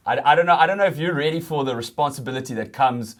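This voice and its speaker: A man's voice: mid-range voice, quick pace. Joking male rugby show host. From South Africa. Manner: dry, jokey banter. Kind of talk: comedic sports chat show.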